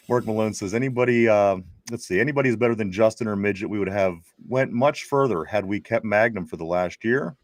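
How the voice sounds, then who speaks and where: A man's voice: lowish voice, fairly quick, no room sound, clean studio sound. A man hosting a casual sports talk show, reading viewer comments aloud in a chatty way with frequent restarts. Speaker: podcast host.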